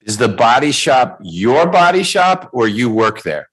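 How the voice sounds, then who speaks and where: A man's voice: mid-range voice, very animated, unhurried, a bit bright, slightly rough. A man presiding as judge in a courtroom, speaking plainly and patiently as he gives instructions. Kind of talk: courtroom proceedings.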